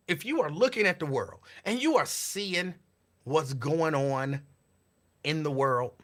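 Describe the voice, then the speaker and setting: Sarcastic host guy, high voice, keeps repeating himself preachy. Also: pushed and bright. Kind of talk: casual commentary.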